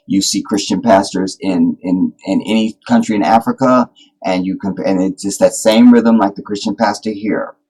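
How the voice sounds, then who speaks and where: Husky, animated man on a livestream. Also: lowish voice, normal speed, poor audio. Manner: animated, rambling, joking. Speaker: livestream host. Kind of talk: casual livestream monologue.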